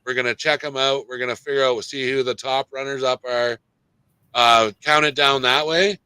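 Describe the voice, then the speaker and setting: A man's voice: medium pitch, steady tone, normal speed, bright, forceful tone, clean tone, no room sound, poor audio. A man hosting a casual panel podcast, loose and joking with plenty of fillers. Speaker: podcast host.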